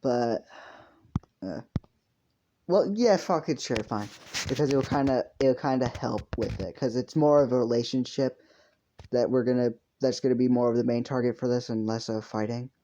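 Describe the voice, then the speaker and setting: In a home room shared with a pet cat, a young man with a mellow mid-range voice improvises a story at normal speed. It's rambling, crude and full of fillers and self-corrections, caught on a dull lo-fi mic with slight background noise.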